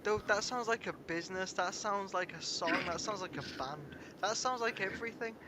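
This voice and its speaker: A man interviewing people on the street, reacting with short excited remarks and repeating phrases. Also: sits high, moderate pace. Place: outdoors on a street. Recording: loud street noise with traffic.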